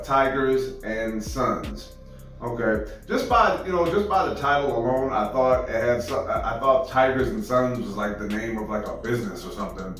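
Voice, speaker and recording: A man's voice: medium pitch, recorded from a distance. Laid-back man reacting in an echoey room. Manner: laid-back and rambling, full of fillers, laughs along. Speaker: reaction video host. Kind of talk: casual reaction commentary.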